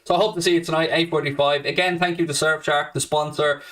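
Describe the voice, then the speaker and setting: A man's voice: fairly high pitch, steady tone, quick pace, fairly bright tone, recorded from a distance. Brash Irish man, slightly off-mic. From Ireland. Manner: brash, swearing, banter with viewers. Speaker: host. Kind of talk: live-stream chat reading comments.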